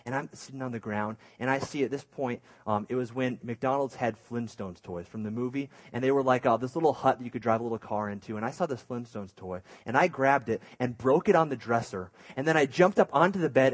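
A man preaching through a lively personal story, self-mocking and animated, with hushed asides. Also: mid-range voice. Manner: drops to a hushed voice for inner thoughts.

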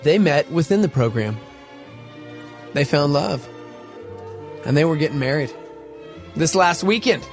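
A man hosting a morning radio show, telling a story in an animated, casual way. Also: faint music behind. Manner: animated, fast storytelling with big pitch jumps. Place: radio studio.

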